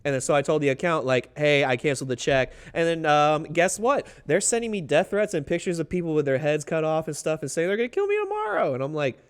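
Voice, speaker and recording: Man, podcast guest, fast and clear, rambling anecdotal delivery. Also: a little high. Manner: rambling storyteller, laughs often, swears casually. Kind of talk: casual chat.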